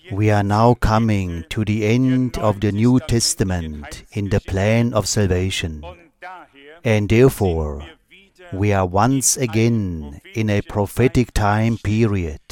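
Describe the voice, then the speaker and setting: A man delivers a sermon at a deliberate, unhurried pace, leaving space between short phrases. His voice sits on the lower side, with a steady preaching cadence into a pulpit microphone.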